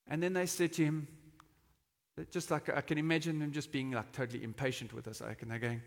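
Male pastor, fairly high bright voice, chatty sermon, lingering hall reverb. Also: moderate pace. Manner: conversational, dramatizes quotes with shouting. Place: church hall. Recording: long reverb of a church hall.

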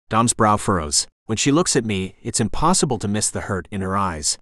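A young man reads a first-person audiobook in an expressive, conversational way. His voice sits fairly low but rises and falls a lot, recorded close on a studio mic with a dry, roomless sound. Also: moderate pace, hardly any pauses, no echo. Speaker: audiobook narrator.

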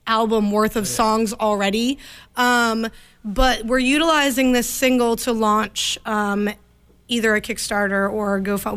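Young woman, kinda high voice, chatty and laughing a lot, radio studio interview. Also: clean tone. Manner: lively, laughs often, talks in bursts. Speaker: band leader, guest.

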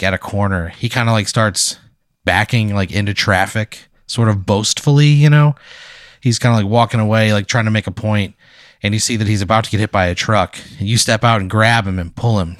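Low-voiced man spinning a hypothetical. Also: a bit bright, no room sound, clean studio sound. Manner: casual, rambling, many "like" fillers. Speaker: host narrating a hypothetical. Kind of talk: improvised second-person storytelling.

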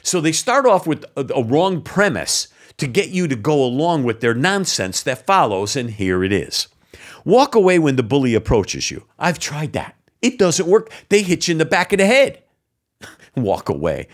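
A man's voice: a little high, very animated, normal speed. A man hosting an opinion commentary show, sarcastic and exasperated, mocking what he reads out with scoffing laughs. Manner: indignant, exasperated. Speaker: political commentary host.

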